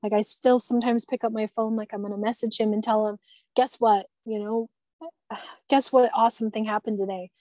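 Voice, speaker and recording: A woman's voice: mid-range voice, level tone, a little fast, mellow, no echo. A woman sharing personal experiences in a conversation, talking in an earnest, tender way with frequent restarts. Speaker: guest.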